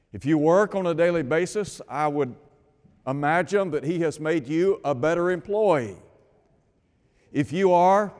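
A man preaching a sermon in a measured, earnest way, leaning hard on key words. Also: fairly high pitch, a little mellow, in a large hall.

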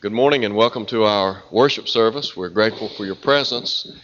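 A male preacher delivers a sermon in a nasal voice, stuffed up from a cold. He speaks in a measured, earnest way and stretches out his key phrases. The recording sounds dull and lo-fi. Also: on the low side, fairly bright tone, slight background noise.

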